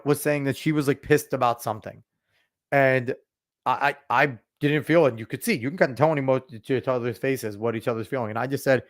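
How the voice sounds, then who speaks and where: A man in his thirties hosting a podcast, giving blunt, profane, animated opinions in casual commentary. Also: on the high side. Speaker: podcast host.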